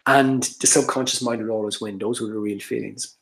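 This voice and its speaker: Gravelly-voiced man giving an earnest talk. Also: on the low side, steady tone, fairly quick. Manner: earnest, explanatory, with frequent restarts. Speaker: speaker on social anxiety. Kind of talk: live workshop talk.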